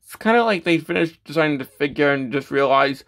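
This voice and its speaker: A man's voice: fairly high pitch, expressive, brisk, few pauses, a bit bright. A man casually reviewing a toy, stammering often and filling gaps with "uh" and restarts. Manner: stammering, with many fillers and restarts; self-deprecating, matter-of-fact.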